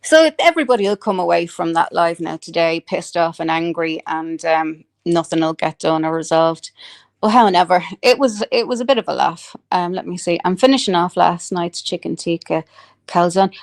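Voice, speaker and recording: A woman's voice: fairly low pitch, expressive, moderate pace. An Irish woman chatting casually with viewers on a live stream, swearing freely, laughing a lot and reading out comments.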